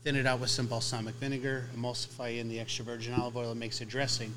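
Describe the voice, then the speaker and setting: A man's voice: mid-range voice, little pitch movement, quick pace, background noise. A middle-aged man from Chicago who owns a sandwich shop, talking casually from inside his shop and explaining things in chatty detail. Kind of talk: casual conversation.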